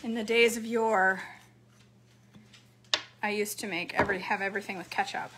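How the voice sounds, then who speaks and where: Bright-voiced woman chatting through a cooking vlog. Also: medium pitch, level tone, brisk, long pauses, a little hiss or hum. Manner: chatty, talks to viewers while eating. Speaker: cooking vlogger. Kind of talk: casual cooking vlog chat.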